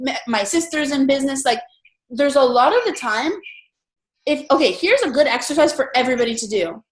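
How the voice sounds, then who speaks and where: A woman hosting an entrepreneur meetup, talking in a chatty, animated way with lots of fillers. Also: high-pitched, fairly quick, echoey room, poor audio. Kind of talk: casual group chat.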